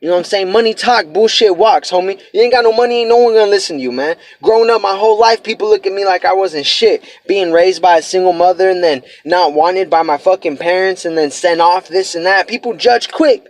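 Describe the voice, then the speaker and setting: A young man in his early twenties speaks in a high, dry voice with no room sound around it. He talks in blunt, profane street slang, pushing hard with heartfelt motivation as he vlogs to his viewers. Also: brisk, few pauses, no echo. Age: 20s. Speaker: vlogger. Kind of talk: motivational vlog talk.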